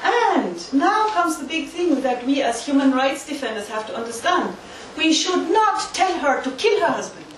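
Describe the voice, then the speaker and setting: High-voiced woman lecturing in an echoey hall. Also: big pitch swings, moderate pace. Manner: emphatic, uses volunteer demonstrations. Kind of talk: interactive lecture. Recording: echoey hall from far off, faint noise.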